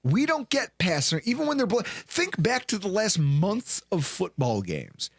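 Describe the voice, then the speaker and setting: A man in his late twenties or thirties co-hosting a sports recap show, telling game stories with lively acted-out quotes. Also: high-pitched, moderate pace, vocal fry, no echo, studio quality. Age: late 20s or 30s. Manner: animated storyteller, acts out quotes loudly. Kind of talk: casual sports talk.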